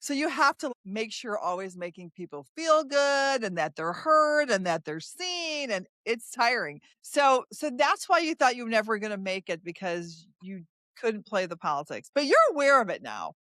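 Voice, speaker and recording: A woman in her forties hosting an interview, chatty and animated, retelling shared work stories with frequent fillers. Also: on the high side, moderate pace, no room sound, clean studio sound. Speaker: podcast host. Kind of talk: casual conversational interview.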